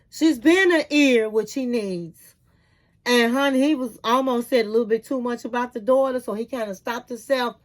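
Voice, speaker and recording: A middle-aged woman with a high voice recaps a reality TV episode in a chatty, candid way, and often calls the listener "honey." She talks slowly and lingers on her words. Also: poor audio. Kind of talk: casual commentary recapping an episode.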